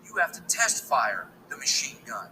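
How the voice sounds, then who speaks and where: A man doing stand-up comedy, telling an animated story full of acted-out voices. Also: medium pitch, normal speed, faint music behind, poor audio.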